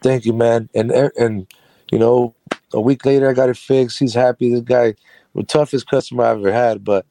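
A man's voice: mid-range voice, fairly even intonation, moderate pace, vocal fry, dark tone, no echo. A man who runs a carpentry business, telling a personal story as an interview guest in a chatty, rambling way with frequent laughs.

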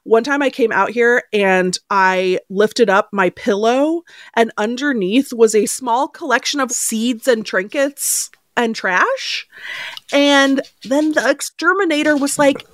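A woman co-hosting a podcast, joking through an anecdote in easy, chatty banter. Her voice sits a little high and sounds close and dry. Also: slow pace, dry recording. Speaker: podcast co-host. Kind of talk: casual podcast chat.

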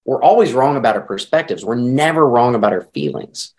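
A middle-aged marriage counselor explains his ideas in a podcast interview that is animated and conversational. His voice is medium-pitched and brisk.

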